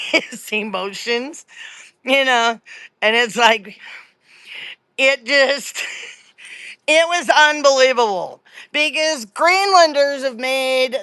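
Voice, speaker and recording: A woman's voice: fairly high pitch, fairly bright tone, no echo. A middle-aged woman from Louisiana hosting a live political commentary stream, chatty and sarcastic, with many fillers and restarts.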